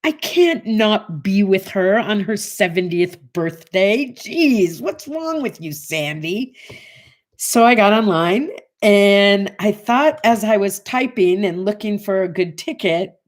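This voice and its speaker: A woman's voice: mid-range voice, slow pace. A woman in her sixties hosting a morning show, telling a casual story and acting out the voices of the people in it. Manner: animated, acts out voices in her anecdotes.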